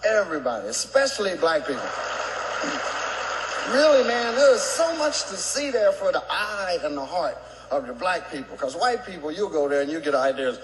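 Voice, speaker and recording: Brash high-voiced comedian, noisy clip. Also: male voice, sing-song, moderate pace, roomy sound. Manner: brash, profane storytelling. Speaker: stand-up comedian. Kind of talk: stand-up comedy routine.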